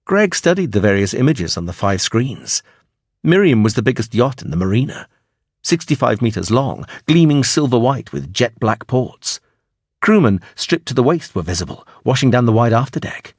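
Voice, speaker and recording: A man narrating a science fiction audiobook in expressive storytelling style. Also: mid-range voice, normal speed, no echo, studio quality.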